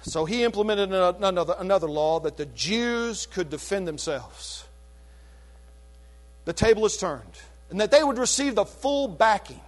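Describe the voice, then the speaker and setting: A man preaching a sermon, retelling a scripture story in an animated, chatty way with casual asides. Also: sits high, moderate pace.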